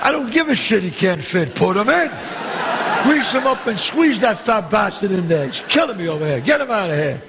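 A brash, profane middle-aged gangster boss running a dice game in a film. His voice sits fairly high and rings with a long hall echo, with faint ambience behind it. He barks orders and insults in a bossy voice. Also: sing-song, noisy background. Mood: boisterous. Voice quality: loud, bossy, swearing, quick with insults. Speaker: mob boss at a craps game. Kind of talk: film dialogue.

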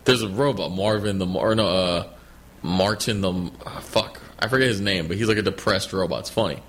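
A man's voice: low-pitched, a little fast, a bit bright, a little hiss or hum. A man co-hosting a podcast, talking in loose, profane banter. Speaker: podcast co-host. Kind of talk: casual chat.

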